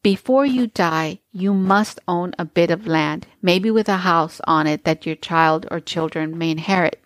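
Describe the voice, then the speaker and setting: A woman's voice: fairly low pitch, measured pace, dry recording, lightly acted. A woman reading aloud as a firm, wise old immigrant grandmother who speaks in plain, old-fashioned phrases.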